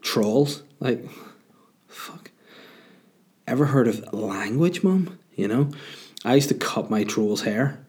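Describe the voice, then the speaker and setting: A man's voice: mid-range voice, takes it slowly, pauses often, darkish tone. A young man, hosting a podcast and telling a comic story in a sardonic, self-mocking way, swearing freely. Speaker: podcast host.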